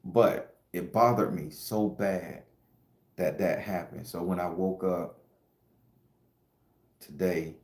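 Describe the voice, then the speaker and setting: A man's voice: low-pitched, fairly even intonation, slow, pauses often, a little mellow, echoey room. A middle-aged man hosting a spiritual livestream, telling an emotional story in slangy casual talk and addressing viewers directly. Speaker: spiritual channel host and tarot reader.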